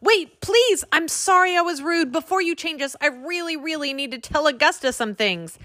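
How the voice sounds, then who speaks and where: A woman's voice: sits high, expressive, moderate pace, bright, forceful tone, dry recording, clean studio sound, pitched above the performer's own voice. A woman voicing Jack, an earnest, polite young boy who pleads with the fairies. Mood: pleading.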